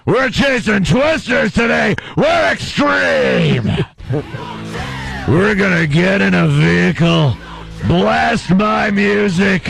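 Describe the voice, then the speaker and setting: A man doing a comic impression of a brash, shouting, macho wrestling-boss tycoon on talk radio. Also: high-pitched, animated, slow pace, vocal fry, slightly rough, faint music behind, exaggerated voice. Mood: boastful bellowing. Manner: bellowing, boastful.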